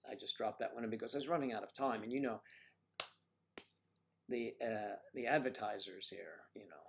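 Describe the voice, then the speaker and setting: A man's voice: fairly low pitch, normal speed, creaky, a little hiss or hum. Man, casual livestream host, rambling jokes, chatty with viewers. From United States. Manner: rambling and joking, reacting to viewer comments.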